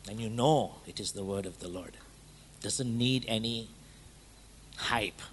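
A man's voice: fairly low pitch, unhurried, fairly bright tone, slight background noise. Conversational male preacher asking rhetorical questions. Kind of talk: sermon.

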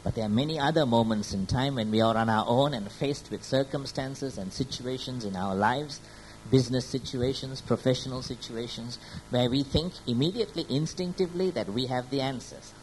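A man's voice: moderate pace, low-quality recording. A man preaching a sermon. He often checks in with his listeners, asking "Hmm?" and "Yeah?", and grows more emphatic as he builds his points. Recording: faint background noise and low rumble.

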